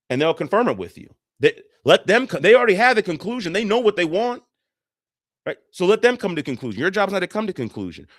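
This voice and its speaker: A man teaching about relationships in an earnest, casual way, circling back to his points again and again. His voice sits in a middle pitch. The sound is close and dry, with no room around it. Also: no echo. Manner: earnest, repetitive, acts out quoted voices. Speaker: relationship coach.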